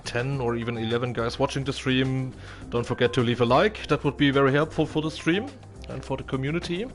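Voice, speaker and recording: A man chats his way through a racing stream, halting and filling pauses with "uh". His voice sits at a middling pitch. Music runs faintly behind him. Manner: hesitant, full of fillers, laughs often. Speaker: race stream commentator. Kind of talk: casual live commentary.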